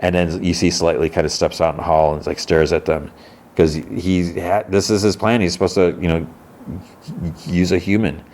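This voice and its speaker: A man's voice: low voice, little pitch movement, normal speed, a little mellow, slight background noise. A man hosting a podcast, casually recapping a TV episode and retelling scenes with characters' lines. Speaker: podcast host.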